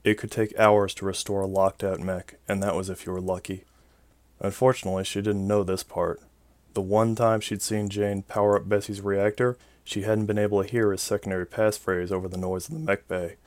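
Low-voiced male audiobook narrator. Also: brisk, dry recording. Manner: steady, even storytelling delivery. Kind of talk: scripted narration.

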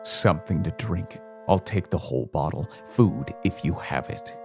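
A man voicing a tired, secretive male vagabond who speaks low and slowly. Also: vocal fry, faint music behind. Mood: weary.

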